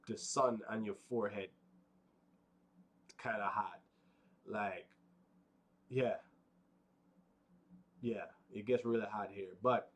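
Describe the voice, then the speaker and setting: A man casually narrating a walking tour outdoors on a windy mountaintop, rambling with lots of fillers and "right?" tags. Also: mid-range voice. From United States. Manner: rambling, conversational, many fillers and tag questions. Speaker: vlogger.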